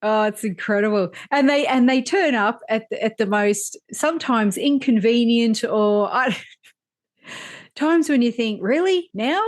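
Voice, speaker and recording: A woman's voice: fairly high pitch, a little slow. Earnest woman hosting a podcast. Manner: reflective, earnest, affirming. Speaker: podcast host. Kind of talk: casual interview.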